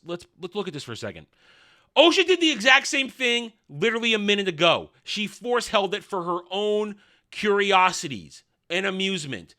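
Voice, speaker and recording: A man's voice: high-pitched, bright, forceful tone. A man reviewing a TV episode in an opinionated monologue, blunt, sarcastic and dismissive. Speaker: TV show reviewer.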